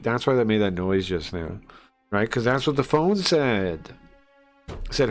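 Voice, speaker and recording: A man with a fairly low voice streams himself playing a visual novel, reading the game's lines aloud in a loose, chatty way. He fills the gaps with "um"s and quick asides, while faint game music plays underneath. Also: lively intonation. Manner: casual and chatty, with many fillers and asides. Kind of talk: live let's-play, reading game text aloud.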